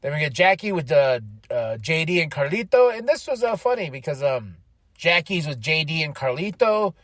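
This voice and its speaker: Animated man recapping, dry close sound. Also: on the high side, moderate pace, no echo. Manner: animated, laughs often, acts out quotes. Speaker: podcast host. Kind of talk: casual wrestling recap.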